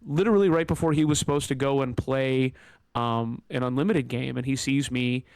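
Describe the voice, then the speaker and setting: A man's voice: medium pitch, normal speed, a little mellow, clear, resonant tone, dry recording. A man hosting a podcast, telling a personal story in a candid, emotional, rambling way with many fillers, close to tears. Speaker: podcast host.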